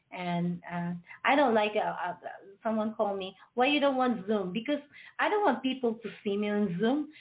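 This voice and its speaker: Playful rambling woman over a tinny line. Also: mid-range voice. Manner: rambling, playful, laughing at her own jokes. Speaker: radio show host. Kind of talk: casual joking chat before a show.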